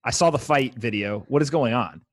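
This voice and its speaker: A man's voice: medium pitch, fairly quick, dry recording. A man hosting a podcast, asking questions in an easygoing, casual way. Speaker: podcast host. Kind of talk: casual chat.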